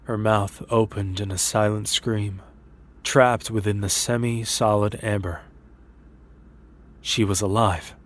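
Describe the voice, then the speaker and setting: A man narrating a horror story in a measured, steady storytelling manner. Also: fairly low pitch.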